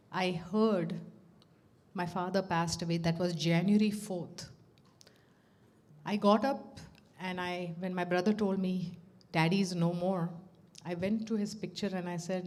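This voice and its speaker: A middle-aged woman sharing a personal devotional story, animated and laughing as she acts out the dialogue. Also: on the low side, unhurried. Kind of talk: personal testimony at a devotional gathering.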